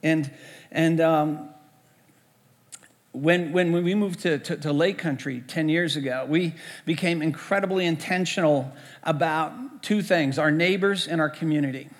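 A man's voice: on the high side, measured pace. A man, a pastor preaching a storytelling sermon in a conversational way, often repeating words as he goes. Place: church sanctuary. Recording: echoey church hall.

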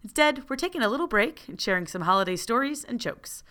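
A woman co-hosting a podcast in easy, casual chat. Her voice is bright and forward, and her pitch swings widely as she tells jokes with lots of animation. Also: fast. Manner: animated joke-telling. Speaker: podcast co-host.

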